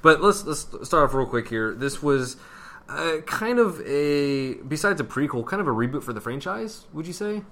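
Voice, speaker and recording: A man's voice: a little high, big pitch swings, normal speed, fairly bright tone. A man in casual conversation about a film, talking hesitantly with many fillers.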